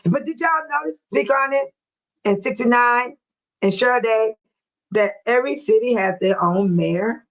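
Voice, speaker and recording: A woman's voice: a little high, unhurried, rough recording. A woman in her sixties from the Chicago area, hosting a casual livestream, chatting and laughing often while reading viewer comments. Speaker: livestream host.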